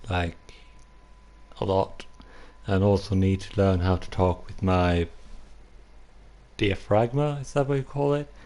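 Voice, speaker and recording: A man's voice: low voice, measured pace, pauses often, dark tone. A young man chatting casually on a live stream, rambling and apologizing for himself. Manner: rambling, self-conscious, apologetic.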